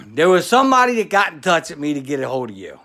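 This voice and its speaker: A former pro wrestler, a man, giving a loud congratulatory shout-out in a hollering, sing-song manner. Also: on the high side, sing-song, fast. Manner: hollering, sing-song, calls everyone brother. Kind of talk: loud congratulatory video message.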